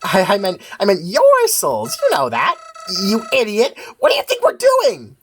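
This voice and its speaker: A woman's voice: on the high side, huge pitch swings, a little slow, vocal fry, a little hiss or hum, pitched above the performer's own voice, full character voice. A woman voicing a scheming, vicious male talking flower who bosses and sneers. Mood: sneering. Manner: bossy, sneering, scolding.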